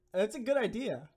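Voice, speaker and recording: A young man chatting on a live stream, reading out viewer donations and answering questions. He rambles, swears freely and leans on fillers, in a voice sitting slightly high. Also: darkish tone, husky.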